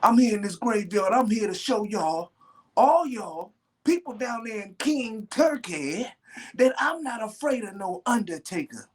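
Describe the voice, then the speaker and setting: Man putting on a high, husky, preaching wrestler voice: shouty, defiant, boastful. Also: animated, measured pace. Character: defiant adult male wrestler shouting at a rival.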